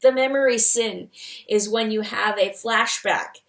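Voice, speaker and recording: A woman's voice: a little high, measured pace, vocal fry, fairly bright tone. A woman who reads aloud her old fan fiction and mocks it in a wry, self-mocking way. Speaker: fanfiction author reviewing her own story. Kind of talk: comedic commentary and reading aloud.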